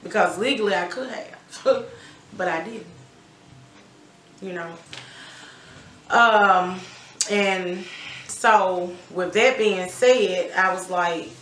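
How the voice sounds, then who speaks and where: A woman's voice: mid-range voice, fairly even intonation, takes it slowly, pauses often, a bit bright, a little hiss or hum. A middle-aged woman giving an emphatic, candid personal testimony about her life, swearing freely. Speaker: guest telling her life story. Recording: roomy echo.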